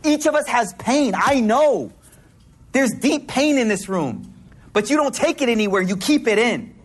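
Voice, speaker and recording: A man's voice: extremely high pitch, lively intonation, a little slow, breathy edge. A man preaching a sermon to a congregation in a hall, talking in a casual, slangy way with playful asides.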